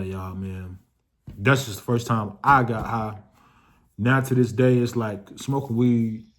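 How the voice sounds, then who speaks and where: Slangy young man telling a storytime. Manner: loose slangy storytelling, swears freely, talks straight to viewers; voice jumps up when excited, drops low when reflective. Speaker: vlogger. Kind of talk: casual storytime monologue.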